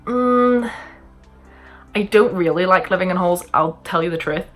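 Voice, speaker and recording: A woman's voice: on the low side, measured pace. Chatty young Northern Irish woman. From Northern Ireland. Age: young adult. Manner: chatty, rambling and self-deprecating. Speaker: vlogger. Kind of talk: casual Q&A chat to camera. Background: faint music from another room.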